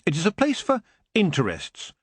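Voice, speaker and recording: A man's voice: high-pitched, huge pitch swings, normal speed, husky, no room sound, pitched above the performer's own voice, full character voice. A man doing an earnest young witch.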